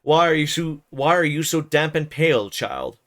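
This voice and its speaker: A man voicing a gruff, harsh young master of the house who asks blunt, demanding questions, read aloud from a novel on a livestream. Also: on the high side, expressive, moderate pace, fairly bright tone. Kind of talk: dramatic novel reading on a livestream.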